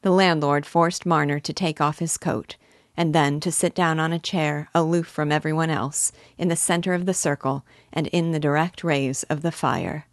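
A woman narrates a classic novel in a measured, even reading. Her voice sits low. The recording is dry and close. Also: dry recording. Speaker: literature teacher reading aloud. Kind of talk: audiobook narration.

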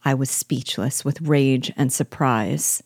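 Brief: woman host reading a novel aloud, warm low voice, dry close sound. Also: no echo. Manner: measured, clear storytelling. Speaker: reader and teacher.

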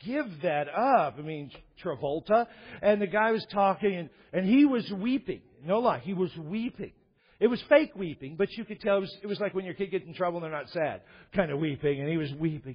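A man's voice: sits high, animated, a little fast, slightly rough. A man preaching a sermon as a pastor, telling stories in a conversational way with wry asides. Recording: dull echoey hall recording.

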